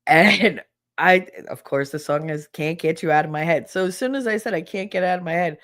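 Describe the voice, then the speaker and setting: Woman podcast host, lowish voice, casual solo chat, laughs a lot, swears freely. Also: fairly quick. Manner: chatty, laughs often, animated.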